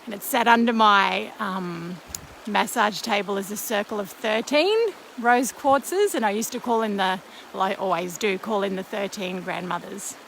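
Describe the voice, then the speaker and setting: A woman leading an outdoor ceremony by a creek, speaking in a slow, gentle, soothing way, a little croaky. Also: mid-range voice, slight background noise, rough recording. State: slightly croaky. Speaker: ceremony leader. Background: flowing stream.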